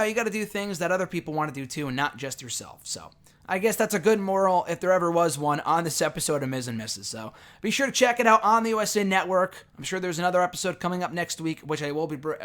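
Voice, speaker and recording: Male reviewer, young adult, slightly higher-pitched voice, loose off-the-cuff recap with lots of ums and restarts. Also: a bit bright. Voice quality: rambling, frequent fillers and self-corrections. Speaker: show reviewer. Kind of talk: casual recap monologue.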